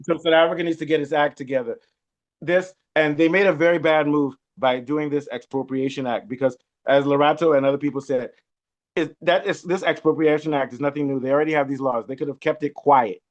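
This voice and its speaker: A fast-talking man hosts a political discussion, pressing his points hard and often checking that his guest follows. His voice sits in a middle pitch, and the recording is muffled and lo-fi. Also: fairly even intonation. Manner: emphatic, rhetorical questions to guest. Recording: muffled lo-fi sound.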